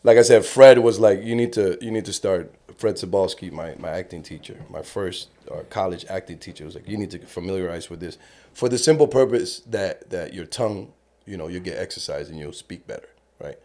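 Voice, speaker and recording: Lively Cuban-accented man, low voice. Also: fairly quick. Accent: Cuban Spanish. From Cuba. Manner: animated, profane storyteller who acts out lines. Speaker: actor and podcast guest. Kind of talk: casual podcast interview.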